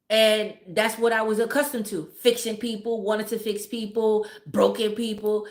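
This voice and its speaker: Pitched fairly high and sounding like it's in an echoey room, this woman hosts a livestream and hands her viewers blunt, heavily profane relationship advice. She repeats words for emphasis in a casual advice-talk style.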